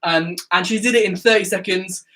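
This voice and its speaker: A man's voice: high-pitched, fairly quick, bright, forceful tone. A man hosting a casual youth live stream, teasing his co-host and laughing as he eggs him on. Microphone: live stream mic.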